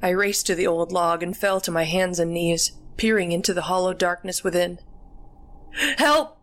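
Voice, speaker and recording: A woman narrating a first-person horror story in a steady, measured storytelling manner. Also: on the low side.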